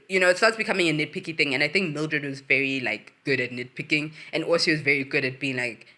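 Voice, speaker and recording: A woman hosting her own show, giving a casual, animated recap of a reality series, swearing freely and ranting with big swings in her voice. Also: deep voice, fast, few pauses. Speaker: host.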